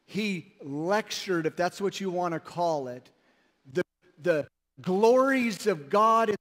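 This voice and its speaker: A pastor giving an emphatic, storytelling sermon in a church sanctuary. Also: male voice, high-pitched. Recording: long reverb in a large hall.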